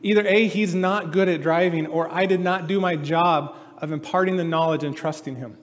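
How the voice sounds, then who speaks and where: A man's voice: on the high side, steady tone, normal speed. Man preaching in an echoing hall. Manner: conversational, acts out quoted voices. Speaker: pastor. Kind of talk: sermon. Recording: long hall reverb.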